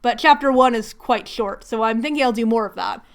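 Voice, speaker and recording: A woman's voice: on the high side, a little fast. A woman chatting casually while doing crafts at home, rambling and laughing often. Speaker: craft vlogger hosting a hangout.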